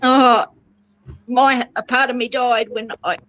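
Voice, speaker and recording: A woman's voice: a little high, level tone, a bit bright, poor audio. Tearful, laughing middle-aged woman. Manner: laughing through tears, halting. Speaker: guest sharing family news. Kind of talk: emotional casual chat.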